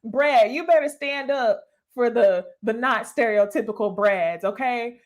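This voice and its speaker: Young woman, higher voice, casual reaction commentary, laughs a lot, blunt, profane, talks straight to viewers. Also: unhurried. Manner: laughs often, blunt and profane, keeps adding "okay?"; addresses viewers directly as "y'all". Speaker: YouTuber reviewing a reality dating show.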